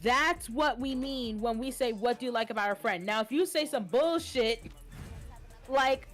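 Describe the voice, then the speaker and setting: A woman co-hosting a casual stream chat, blunt and animated, swearing freely. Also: fairly high pitch, measured pace, soft background music. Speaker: co-host streamer.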